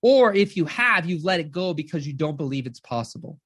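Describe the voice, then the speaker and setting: A woman life coach giving an energetic live-streamed motivational talk, keeps checking in with her audience and acts out inner voices. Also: low-pitched, fairly quick, breathy edge, dry recording, studio quality.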